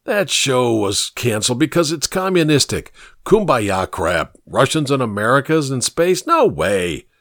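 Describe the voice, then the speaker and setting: A man's voice: mid-range voice, sing-song, unhurried, few pauses, fairly bright tone, no echo, clean studio sound, pitched above the performer's own voice. A man voicing a crude, mocking grown man in an audiobook, brash and dismissive. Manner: sneering, blustery, crude.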